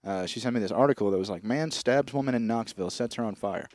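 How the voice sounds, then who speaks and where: A young man in his twenties with a lowish voice, spinning a story on a podcast in a flat, deadpan way. He swears casually as he goes. The recording is dry and close. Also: quick pace, no room sound. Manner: deadpan, swears freely, tells stories. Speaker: podcast co-host. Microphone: studio microphone.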